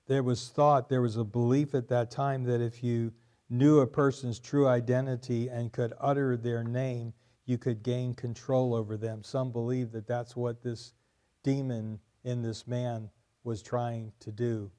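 Male pastor, mellow low-key tone, emphatic sermon delivery, repeats lines for stress. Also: level tone, measured pace.

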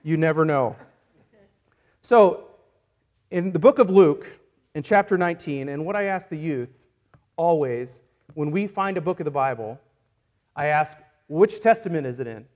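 A man preaching a sermon as a pastor, playful and energetic, joking with volunteers while acting out a Bible story. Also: fairly high pitch, moderate pace, pauses often. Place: church service.

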